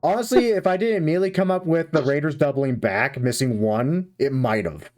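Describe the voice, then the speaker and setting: A man running a tabletop game as game master, animated and swearing freely. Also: a little high, fairly quick. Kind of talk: wrapping up a tabletop game, casual chat.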